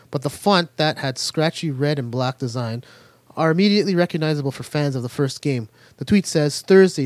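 A man's voice: a little high, no echo. A young man hosting a casual gaming chat show, reading news items aloud and getting irritated at interruptions. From eastern North America.

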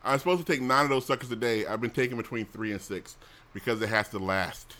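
A man's voice: mid-range voice, quick pace, bright, forceful tone. A middle-aged man hosting a casual chat show, complaining bluntly and profanely, with frequent restarts. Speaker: show host.

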